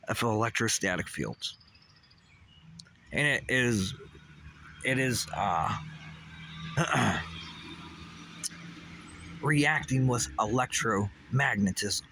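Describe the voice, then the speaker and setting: A man's voice: medium pitch, animated, slow pace, long pauses, sharp tone, a little hiss or hum. A man delivering a rambling, intense monologue as a vlogger, swearing often and repeating questions.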